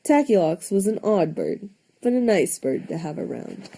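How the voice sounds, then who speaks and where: A young woman reading a children's storybook aloud, expressive, with lively voices for the characters. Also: mid-range voice, normal speed, creaky. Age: young adult. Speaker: audiobook reader.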